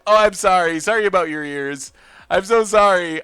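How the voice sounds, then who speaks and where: A man hosting a live game stream, thinking out loud about his plays and bursting into loud cheers when things go his way. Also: sits high, normal speed, clean tone, no room sound, studio quality. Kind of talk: live gameplay commentary.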